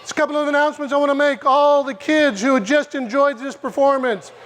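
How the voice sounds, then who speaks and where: A man making brisk stage announcements at a festival. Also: very high-pitched, steady tone, a bit bright, slight background noise. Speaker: event announcer.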